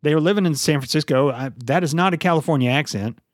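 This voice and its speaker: A man's voice: on the high side, fast talker, no echo, studio quality. A man co-hosting a casual movie review podcast, blunt and sarcastic, swearing freely. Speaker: podcast co-host.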